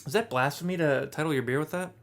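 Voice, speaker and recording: Playful male co-host, slightly high voice. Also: fast, gravelly, a bit bright. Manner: playful, repeats words, wordplay. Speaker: podcast co-host. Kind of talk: casual chat.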